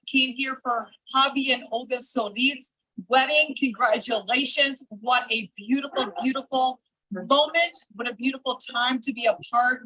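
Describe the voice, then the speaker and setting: A woman recording a motivational pep talk in a resort hotel, emphatic and energetic, repeating herself for push. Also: a little high, no echo, poor audio. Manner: energetic, emphatic, repeats "I'm telling you". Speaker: network marketing team leader. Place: public area of a resort hotel.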